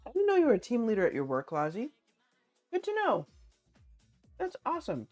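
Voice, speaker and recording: A woman's voice: on the high side, huge pitch swings, fairly quick, a little mellow, muffled recording, soft background music. A woman streaming late at night, chatting casually with her viewers as she eats, answering chat and laughing often. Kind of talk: casual livestream chat while eating.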